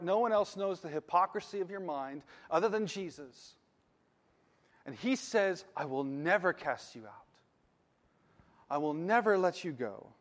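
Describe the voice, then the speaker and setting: A male pastor delivers a sermon in an earnest, emphatic way, slowing down to press home key phrases. His voice sits fairly high for a man. A long reverb hangs behind him, as in a church sanctuary.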